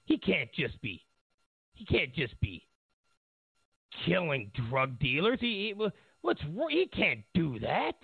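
A man doing a preachy male president who stumbles and restarts as he lectures. His voice is gravelly and carries little room sound. It comes through a narrow, phone-like line. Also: fairly high pitch, sing-song, takes it slowly, no room sound, full character voice. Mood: lecturing.

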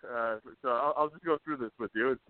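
A man's voice: medium pitch, brisk, dry recording. A man co-hosting a radio show, chatting casually, rambling and laughing as he talks. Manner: rambling, laughs often, restarts. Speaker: co-host. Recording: tinny phone-like sound.

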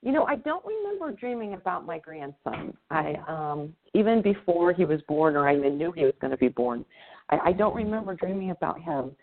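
A woman's voice: lowish voice, sing-song, a little fast. A woman in her fifties in a casual chat, agreeing and reflecting. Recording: phone-like narrow audio.

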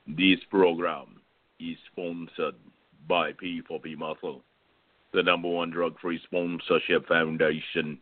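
A man's voice: rumbling low, flat delivery, measured pace, long pauses, no room sound. A man hosting an online talk radio show, playful and rambling with silly jokes. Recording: tinny phone line, dry.

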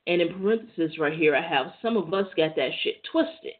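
A woman's voice: lowish voice, expressive, moderate pace. A woman hosting a talk show, chatting casually and conversationally, laughing easily. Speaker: podcast host. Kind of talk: casual monologue. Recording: tinny phone-like audio.

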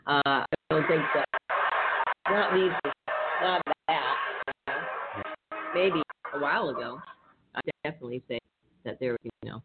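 Radio host reading news then going off on it casually, cussing, thin phone-ish sound, average pitch. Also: measured pace, long pauses, narrow, tinny audio, heavy background noise. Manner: reads news then riffs on it, swearing and laughing.

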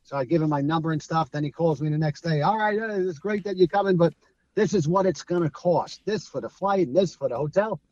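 A middle-aged Brooklyn man with a New York accent, a former streetball player, sits as a guest in a casual storytelling interview. His fairly high voice moves briskly, and he laughs often while acting out the people in his stories. The recording is dry and muffled.

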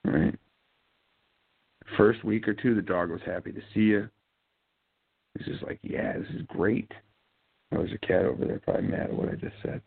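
Man, very low voice, gravelly, rambling host monologue, phone-like sound. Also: normal speed, pauses often. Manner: mumbling, rambling, sardonic. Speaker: podcast host. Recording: tinny phone-like line, dry.

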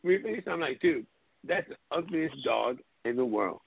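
A man hosting a call-in tribute show, telling stories in a casual, animated way, swearing often and acting out his friends' lines. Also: medium pitch, moderate pace, creaky. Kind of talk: casual storytelling chat. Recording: phone-line audio with hiss.

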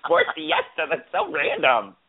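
Male podcast host, gossipy and exclamatory, animated delivery, phone-quality audio. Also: a little high, a little slow, heavy background noise. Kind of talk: casual chat.

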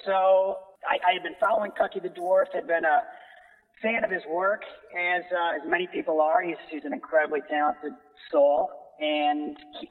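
A man calling in, chatting casually and rambling with restarts. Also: high-pitched. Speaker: caller. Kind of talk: casual phone interview. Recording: tinny phone line with long reverb.

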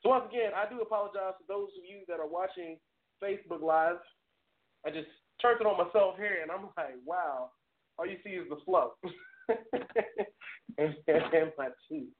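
Streaming live by webcam from a home studio, a male call-in show host speaks earnestly, stumbling over words and laughing at himself. His voice sits high at a moderate pace, and the recording is tinny, like a phone.

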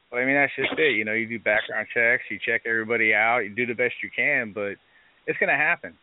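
A man's voice: mid-range voice, no echo. A man who owns a bar, telling stories in a casual interview, blunt and profane, often quoting others as he goes. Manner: blunt, profane, animated storytelling with acted quotes. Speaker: bar owner interviewed on a live show. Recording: dry, phone-like band-limited sound.

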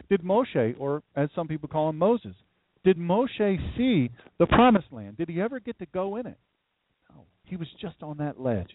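A man from downstate Delaware delivers a livestream sermon in a folksy, conversational way, wandering into rambling asides. His pitch sits a little high and moves a lot. The sound is dry and tinny, like a phone line. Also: sing-song, moderate pace, no room sound. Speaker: pastor.

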